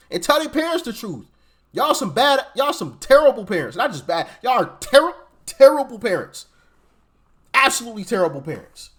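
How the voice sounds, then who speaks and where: A man's voice: on the high side, a bit bright. A man. He talks emphatically, repeats himself for weight and keeps tagging his points with "right?". The delivery feels like a hands-on host reacting live. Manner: emphatic, repeats phrases, tag questions. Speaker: commentary host. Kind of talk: reaction commentary.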